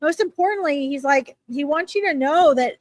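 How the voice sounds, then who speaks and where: A woman with a high, light voice gives live readings to viewers in a chatty, reassuring way. She fills her pauses with "like" and "um". The sound is close and dry, with no room echo. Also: expressive. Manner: chatty, warm reassurance, filler-heavy. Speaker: psychic reader answering viewers.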